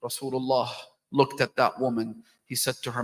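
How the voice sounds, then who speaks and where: A man's voice: medium pitch, flat delivery, normal speed, a bit bright. A man delivering an impassioned sermon, telling a story with his voice rising and falling. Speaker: preacher at a religious gathering. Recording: long hall reverb.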